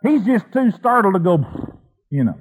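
Folksy, animated male storyteller. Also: high voice, moderate pace, poor audio. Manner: folksy, animated, with colloquial asides.

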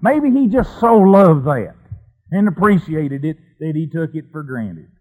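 A man delivering a folksy sermon story, animated and full of colloquial asides. His voice sits fairly high for a man, and he swings from loud bursts to hushed reflection. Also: a little slow, narrow, tinny audio.

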